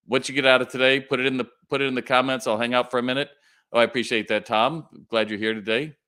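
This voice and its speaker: A middle-aged man hosting a live retail Q&A stream, talking in an animated, emphatic way and jumping higher in pitch to act out quotes and drive points home.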